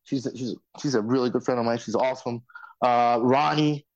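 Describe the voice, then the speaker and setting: Guest man, loose and enthusiastic, with a dull, low-fidelity sound. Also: normal speed. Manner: effusive, excitable, loose and profane. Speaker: reality show alumnus guest. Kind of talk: casual podcast chat.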